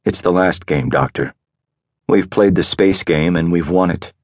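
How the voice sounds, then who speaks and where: A man voicing a rich, powerful man who talks quietly, calm and commanding. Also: deep voice, measured pace, dry recording, studio quality. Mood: calm, arrogant. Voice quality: quiet, soft-spoken.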